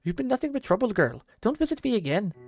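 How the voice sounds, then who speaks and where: A man voicing a gruff, protective old blacksmith who talks brusquely and urgently. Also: sits high, very animated, quick pace, voice pushed up, heavily acted. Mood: gruffly tender.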